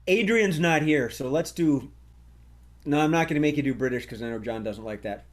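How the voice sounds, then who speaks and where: A man's voice: on the high side, brisk. A man hosting a live online improv comedy show, joking and laughing as he runs the games. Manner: lively, laughing, joking emcee. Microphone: video call.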